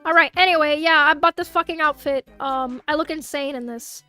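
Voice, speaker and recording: A young woman with a Miami Hispanic accent, chatting casually on a livestream, animated and swearing freely as she answers chat. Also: high-pitched, a little fast, few pauses, soft background music. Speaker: VTuber streamer.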